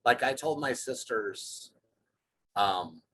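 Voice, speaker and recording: Bright-voiced chatty male guest. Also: mid-range voice, animated, takes it slowly, breathy edge, poor audio. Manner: chatty, filler-heavy, says "like" a lot. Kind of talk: casual spiritual chat.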